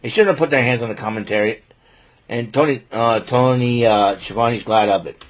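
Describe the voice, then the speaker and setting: A man's voice: mid-range voice, moderate pace. A man hosting a casual wrestling recap show, rambling and laughing at his own jokes. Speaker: podcast host.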